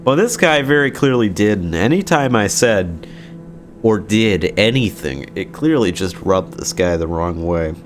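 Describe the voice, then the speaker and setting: A man's voice: fairly low pitch, expressive, measured pace, soft background music. A young man casually telling a story from his school days, sarcastic, swearing freely and laughing often.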